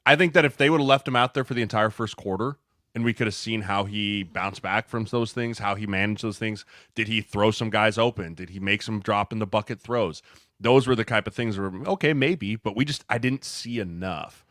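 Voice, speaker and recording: Lowish male voice, calm reasoning, podcast chat, dry sound. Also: fairly quick, dry recording. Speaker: podcast co-host. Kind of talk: casual podcast discussion.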